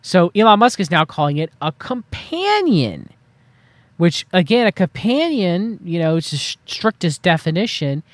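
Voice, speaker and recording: Host: man with a high voice, wry rambling commentary to a stream chat, dry close sound. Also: sing-song, normal speed, dry recording. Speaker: livestream host.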